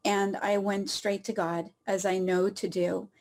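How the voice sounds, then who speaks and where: A woman sharing a personal story in an emotional, heartfelt way, pausing often and laughing softly through tears. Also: mid-range voice, little pitch movement. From Southern California.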